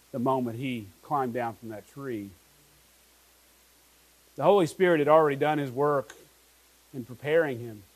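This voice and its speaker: A man's voice: a little high, poor audio. A pastor preaching an earnest sermon to his congregation, asking his listeners many questions.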